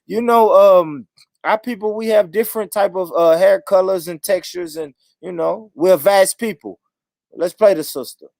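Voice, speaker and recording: A man's voice: sits high, normal speed, vocal fry, darkish tone, dry recording, studio quality. A man hosting a casual reaction livestream, chatty with viewers, loose and swearing. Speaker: livestream host.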